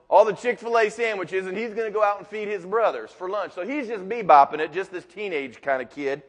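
A male pastor preaching a sermon with emphatic, building repetition in a large church sanctuary. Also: sits high. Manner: emphatic and building, with repeated phrases. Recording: long reverb of a large hall.

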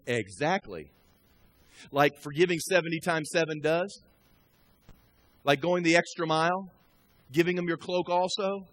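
A male pastor with a bright, high voice preaches a live sermon in a church sanctuary. He starts conversationally, asking the congregation questions, then builds to loud, emphatic preaching.

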